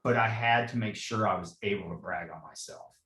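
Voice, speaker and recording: This fire captain in his forties has a lowish, fairly bright voice and talks briskly, recorded with a roomy sound and poor quality. Being interviewed for a podcast, he shares personal stories in earnest, repeating himself and dropping "you know" again and again.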